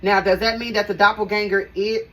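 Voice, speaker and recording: A woman's voice: mid-range voice, flat delivery, fairly quick. A woman giving a casual tarot reading to her viewers, chatty and emphatic, repeating phrases and talking straight to them. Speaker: tarot reader. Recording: voice a bit far from the mic, faint background noise.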